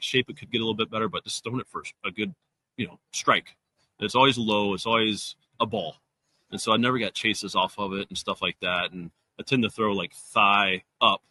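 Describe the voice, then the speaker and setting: A man who pitches in baseball, answering interview questions in a relaxed, explanatory way. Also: dry recording, poor audio.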